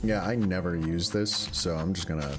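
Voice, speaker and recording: A man streaming a game, chatting casually in a rambling, halting way and swearing now and then. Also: sits low, music in the background.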